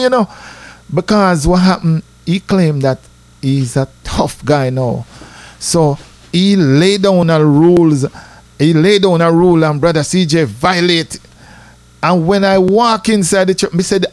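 Brief: Jamaican male storyteller, lively and conversational, slightly high-pitched, dry recording. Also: normal speed, dry recording. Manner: animated, repeats "you know", rises in pitch for drama. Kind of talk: casual personal storytelling.

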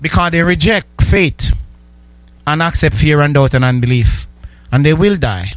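A man preaching a sermon, building rhythmic, repeated declarations that swell toward shouting. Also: fairly high pitch, normal speed, no echo.

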